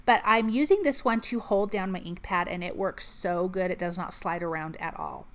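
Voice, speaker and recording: A woman's voice: on the low side, moderate pace. An upbeat, chatty woman talks through a card-making tutorial step by step. She sounds like a friendly crafting host explaining her process as she works.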